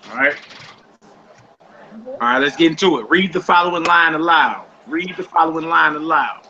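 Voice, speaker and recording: A man's voice: a little high, normal speed, sharp tone, lo-fi sound, a little hiss or hum. A man teaching a casual group Hebrew lesson, patiently repeating words for his students and using slang.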